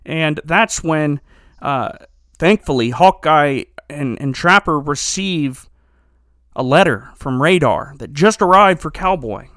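A man's voice: fairly high pitch, takes it slowly, no echo, clean studio sound. A man in casual chat, animatedly recapping a TV episode and acting out quotes. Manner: animated storyteller, acts out quotes, laughs often. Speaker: podcast co-host.

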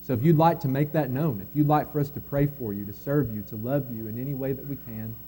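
A man preaching a sermon as pastor, earnest, rising to emphatic quotes and dropping soft again. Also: medium pitch, fast talker, faint music behind. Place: church sanctuary.

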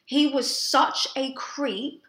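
Bright, echoey woman telling stories. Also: high voice, takes it slowly. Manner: storytelling, swears freely, animated when excited. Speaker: podcast co-host. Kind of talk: casual chat. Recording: roomy echo.

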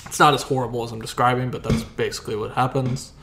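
A man's voice: medium pitch, level tone, quick pace, fairly bright tone, a little hiss or hum. A man in a casual movie review chat, rambling and profane, often restarting his sentences.

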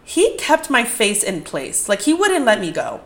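A woman's voice: fairly high pitch, huge pitch swings, unhurried, a bit bright. A young woman hosting a podcast, telling dating stories in a candid, profane, rambling way with lots of "like". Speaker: podcast host. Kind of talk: casual storytelling podcast.

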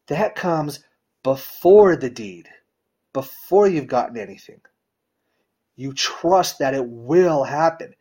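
Husky-voiced man preaching casually. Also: expressive, a little slow. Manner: informal, direct, often addresses listeners with "you know" and "right?"; emphatic swings in pitch and loudness. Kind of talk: conversational sermon.

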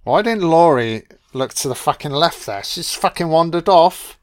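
A man's voice: on the high side, animated, moderate pace. A man giving profane, sarcastic reaction commentary on a film.

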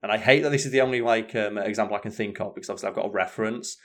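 A man chatting casually as a podcast co-host, telling stories in an animated, sweary way. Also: lowish voice, very fast. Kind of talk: casual chat.

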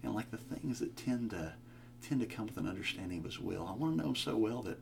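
A young man as a podcast guest, talking about faith in a casual chat, with animated, joking storytelling. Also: lowish voice, fast, gravelly, slight background noise. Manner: animated storytelling, jokey asides.

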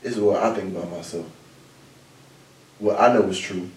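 A man hosting a podcast in casual chat, blunt and animated, talking in quick bursts. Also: low voice, recorded from a distance. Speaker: podcast host. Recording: roomy echo, mic set back.

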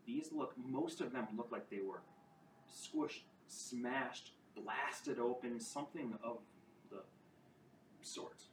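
A man narrating as game master of a tabletop game, with halting, restarting descriptions. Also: mid-range voice. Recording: roomy, distant mic with clear background noise.

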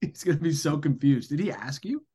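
A man with a slightly husky voice trades teasing jokes in relaxed podcast banter. His pitch moves a lot, and he curses freely. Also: fairly quick. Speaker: podcast co-host. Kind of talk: casual chat.

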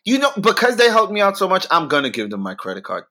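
A young man hosting a podcast, ranting and swearing in an animated, comedic way, his pitch jumping suddenly. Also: quick pace, very noisy. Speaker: podcast host. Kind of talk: profane comedic rant.

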